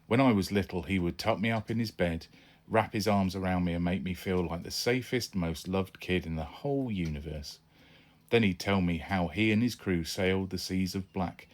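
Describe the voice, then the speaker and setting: In a low-pitched voice, a man reads aloud from his own children's adventure book, narrating chattily in the first person as a young boy.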